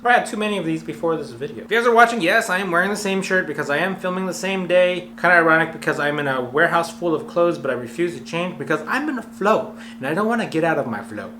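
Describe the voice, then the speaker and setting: A man hosting comedic commentary on fail videos from a warehouse, talking in an energetic, jokey, self-mocking way. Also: fairly high pitch, fast talker, hardly any pauses. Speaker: host of a fail commentary channel. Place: warehouse full of clothes. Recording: echoey warehouse with a faint hum.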